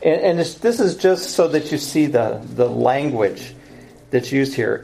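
A man's voice: mid-range voice, lively intonation, measured pace, creaky, dark tone, low-quality recording. A man teaching through Bible verses in a sermon style, earnest and explanatory, often correcting himself as he goes.

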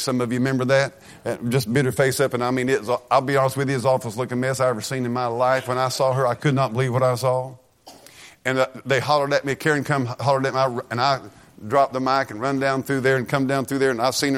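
A middle-aged man preaching a sermon, telling rambling, folksy stories full of repeats and restarts. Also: medium pitch.

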